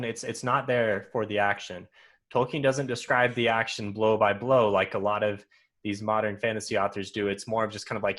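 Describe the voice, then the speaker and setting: A man's voice: fairly low pitch, fairly bright tone. A man co-hosting a podcast, talking through a book review in a casual, thoughtful way, explaining his points at length. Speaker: podcast co-host.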